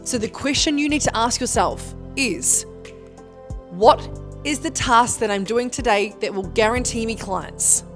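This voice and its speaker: A woman's voice: fairly high pitch, unhurried, soft background music. A thirty-year-old woman, a business coach giving a motivational monologue, emphatic and swearing often.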